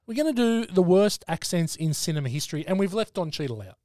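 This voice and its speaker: A man hosts a casual film podcast in a fairly high voice. He talks bluntly and swears freely. The sound is dry and close. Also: very animated, quick pace, warm tone, dry recording. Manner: blunt, sweary, leads the segments. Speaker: podcast host.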